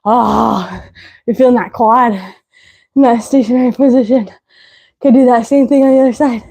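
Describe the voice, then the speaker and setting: A woman's voice: on the high side, steady tone, normal speed, dark tone. A woman fitness instructor coaching a live leg workout, out of breath, counting reps aloud and giving short cues.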